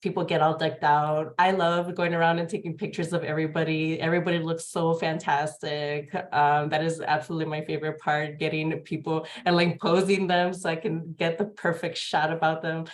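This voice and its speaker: A woman in a casual group discussion, speaking hesitantly with many pauses and fillers. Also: low-pitched, flat delivery. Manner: hesitant, many ums and uhs. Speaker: Jedi community member.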